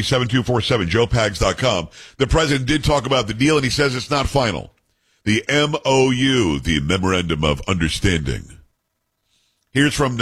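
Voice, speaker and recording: Man, radio host in studio, husky voice, blunt and opinionated. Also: mid-range voice, fairly bright tone. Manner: blunt, reads news aloud and editorializes. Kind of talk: opinionated talk radio commentary.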